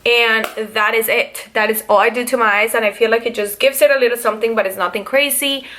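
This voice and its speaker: A woman's voice: on the high side, fairly even intonation, fast, sharp tone, slight background noise. A young woman vlogger chatting casually through her makeup routine, explaining each step with plenty of fillers. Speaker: beauty vlogger.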